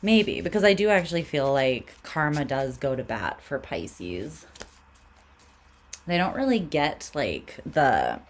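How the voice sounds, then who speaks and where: A woman's voice: low-pitched, sing-song, takes it slowly, slight background noise. A woman giving a casual livestream tarot reading, laid-back and swearing freely, often laughing as she talks. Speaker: tarot reader.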